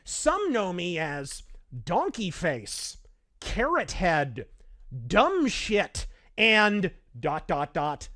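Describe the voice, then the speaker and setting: Sardonic, lively-voiced male commentator. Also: sits high, very slow. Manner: sardonic, wordy, theatrical delivery. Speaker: online commentator in a played video.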